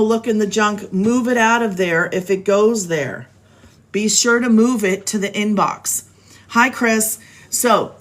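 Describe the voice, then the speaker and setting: A middle-aged woman talks to her viewers from home in a casual live stream, chatty and upbeat. Her voice sits at a medium pitch, and she speaks straight to viewers through a phone mic. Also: fairly bright tone. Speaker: live stream host selling online business programs.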